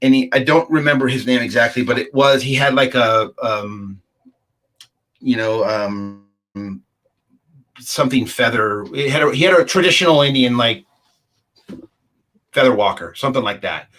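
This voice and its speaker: Middle-aged male guest, mid-pitched voice, spins a rambling first-person yarn and plays out the dialogue. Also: moderate pace, long pauses, fairly bright tone. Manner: rambling, acts out the dialogue of others. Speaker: guest recounting a UFO encounter. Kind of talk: casual anecdotal storytelling.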